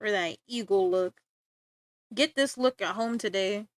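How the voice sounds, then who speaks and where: A woman's voice: medium pitch, a little slow, no room sound. A young woman streaming live, rambling and joking in casual chat with frequent laughter.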